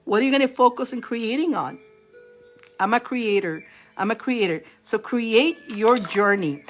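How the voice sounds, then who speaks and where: A woman with a slightly high voice reads tarot cards on a live stream. She is chatty and encouraging, laughs often, and repeats mantras aloud for her viewers. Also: normal speed, faint music behind. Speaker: tarot card reader. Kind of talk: live-stream card reading.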